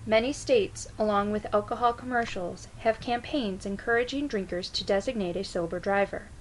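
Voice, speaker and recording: A woman delivering a prepared persuasive speech as a student speaker, reading out facts in a measured, even way. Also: medium pitch, slight background noise, low-quality recording. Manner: measured, reads out statistics evenly.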